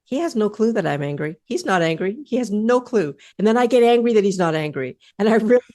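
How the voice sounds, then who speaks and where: A woman's voice: mid-range voice, lively intonation, quick pace, warm tone, no room sound. A woman hosting a podcast interview, talking in a candid, blunt and playful way into a close mic. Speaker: podcast host. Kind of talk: casual interview chat.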